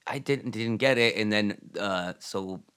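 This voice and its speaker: A man's voice: on the low side, unhurried, clear, resonant tone. A man co-hosting a casual chat about a TV episode, rambling through scenes with many restarts. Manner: rambling, many fillers and restarts, drops into quiet asides. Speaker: podcast co-host.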